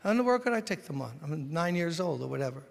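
A man from Brooklyn, preaching a sermon as pastor, swinging between loud exhortation and quiet storytelling. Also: a little high, sing-song, fast, creaky. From Brooklyn, New York. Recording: long reverb of a large hall.

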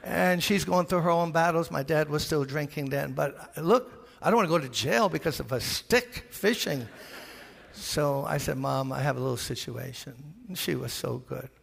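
An older Brooklyn-raised pastor with a New York accent spins a sermon story, jumping into the voices of the people in it as he goes. His voice sits a bit high and comes out gravelly. The long reverb of a big church hall hangs around every word. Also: moderate pace. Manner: animated storyteller, acts out voices. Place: large church.

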